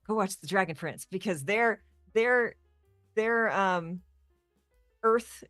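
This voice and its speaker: A woman's voice: medium pitch, slow pace, fairly bright tone, no echo, studio quality, faint music behind. A woman chatting enthusiastically about tabletop role-playing characters on a talk show. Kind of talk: casual chat.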